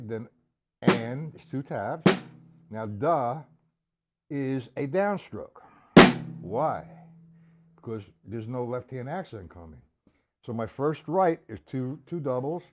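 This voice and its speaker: A medium-pitched man teaches drums on a livestream, counting beats out loud, walking through patterns one step at a time and calling viewers by name.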